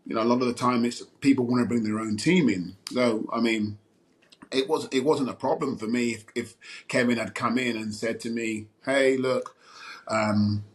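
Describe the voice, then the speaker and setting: A middle-aged man, a former footballer telling a long story as a podcast guest, rambling with many fillers and restarts. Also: mid-range voice. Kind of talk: casual storytelling interview.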